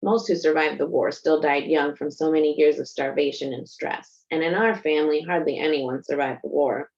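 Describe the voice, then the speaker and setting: A woman's voice: sits low, steady tone, moderate pace, creaky, a little mellow, lo-fi sound. A woman author reading a first-person passage from her own novel in a reflective narrating manner.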